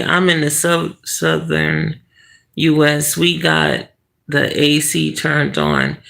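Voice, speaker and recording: A slow, drawn-out talker with a gravelly, fry-laden voice, hosting a livestream from bed. The chat rambles along loosely and is broken up by frequent laughs. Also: medium pitch, fairly bright tone. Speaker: livestream host reading viewer chat. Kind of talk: casual live chat. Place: bedroom, lying in bed.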